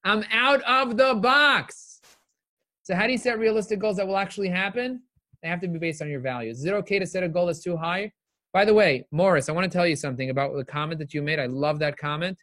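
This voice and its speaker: A middle-aged man gives a live-streamed motivational talk in a high-pitched voice, speaking fast. He's emphatic and animated, repeating phrases for emphasis as he answers viewer questions. The recording is dry, with clean studio sound.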